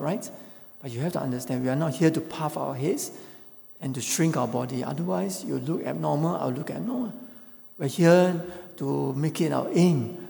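A man's voice: mid-range voice, vocal fry, darkish tone. A man preaching a sermon, emphatic and repeating phrases for stress. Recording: echoey hall with long reverb.

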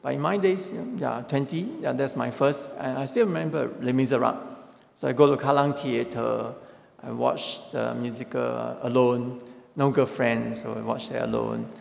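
Man, sermon, emphatic, gravelly, long reverb in a church hall. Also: medium pitch, fairly even intonation, moderate pace. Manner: emphatic, repeats phrases for stress. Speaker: preacher.

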